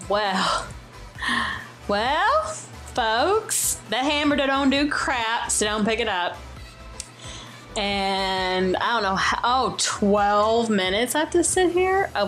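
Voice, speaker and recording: A young woman giving excitable, jokey Let's Play commentary as a gaming YouTuber, often exclaiming and shrieking. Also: medium pitch. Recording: faint game music behind.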